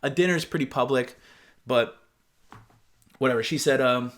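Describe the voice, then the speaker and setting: A man's voice: mid-range voice, normal speed, a bit bright. A young man giving casual reaction commentary, blunt, profane and openly incredulous. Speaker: online commentator.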